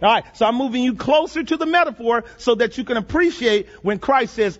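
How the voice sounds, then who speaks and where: A man preaching a sermon, reading scripture slowly and dramatically and asking the congregation questions. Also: very high voice, lively intonation. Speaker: pastor. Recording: dull lo-fi audio with long reverb.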